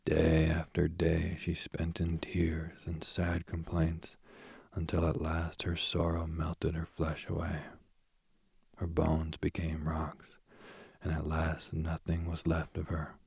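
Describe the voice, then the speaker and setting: A man reading a myth aloud as a soothing bedtime story, slowly and softly, drifting into whispers. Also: very deep voice, creaky, husky, dry recording, studio quality. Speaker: sleep story reader.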